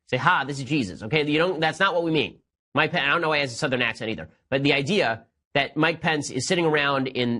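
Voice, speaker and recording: A man's voice: medium pitch, a bit bright. A man hosting a political commentary show, speaking in a combative, sarcastic way with mocking asides.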